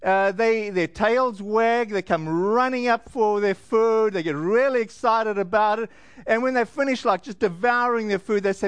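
A man with a high-pitched voice preaching a sermon in an easy, joking manner. He drops in frequent fillers and slows down on key words. The sound is dry and close, with no room echo. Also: clear, resonant tone. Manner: conversational and joking, with frequent fillers and slowed emphasis. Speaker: pastor.

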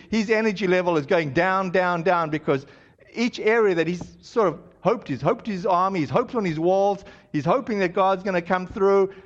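High-voiced guy pastor, chatty sermon, lots of uhs and restarts, muffled audio. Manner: conversational, full of fillers and restarts. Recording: dull lo-fi audio.

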